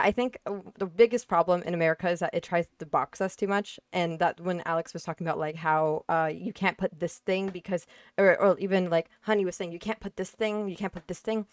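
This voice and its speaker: Blunt young woman, lowish voice. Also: clear, resonant tone, dry recording. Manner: blunt, emphatic, swears freely, many fillers. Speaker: panelist. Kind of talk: casual panel discussion.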